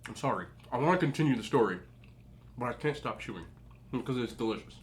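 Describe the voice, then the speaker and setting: A man's voice: mid-range voice, animated, fast. A young adult man telling chatty stories as a mukbang vlogger, eating and talking with his mouth full. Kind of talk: casual storytelling while eating.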